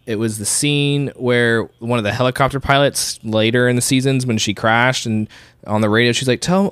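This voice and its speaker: Podcast co-host, young man, low pitch, rambling casual delivery. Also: a bit bright, clear, resonant tone, no echo. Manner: rambling, filler-heavy, acts out quotes.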